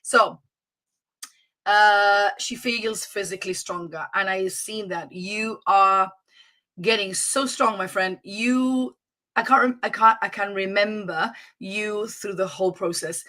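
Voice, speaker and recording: Bright-voiced woman coach. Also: mid-range voice, slow pace. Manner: energetic and motivational, with frequent restarts. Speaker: fitness coach hosting a live stream. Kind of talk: live-streamed pep talk.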